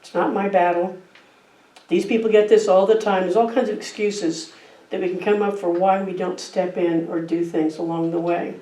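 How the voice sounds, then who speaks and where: A woman's voice: on the low side, level tone, moderate pace, mellow. A middle-aged woman giving a sermon, telling a personal story in a conversational, easygoing way. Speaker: guest speaker. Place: church sanctuary. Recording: roomy distant church mic.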